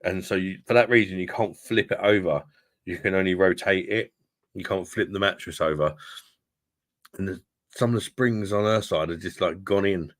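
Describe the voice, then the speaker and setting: Deep-voiced chatty man. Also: moderate pace, no echo, clean studio sound. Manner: chatty, rambling, laughs often. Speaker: beer review channel host. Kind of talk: casual live-stream chat with viewers.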